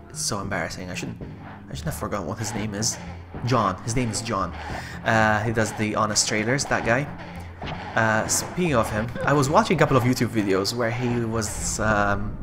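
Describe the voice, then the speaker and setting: A man streaming a game live, chatting to viewers and yelping or shouting when something startles him. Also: mid-range voice. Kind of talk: live let's-play commentary. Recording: game music playing underneath.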